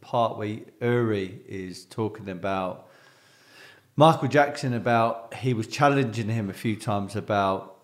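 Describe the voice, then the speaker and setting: A man's voice: lowish voice, measured pace. A man hosting an interview, asking questions in loose, searching phrasing. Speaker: podcast host.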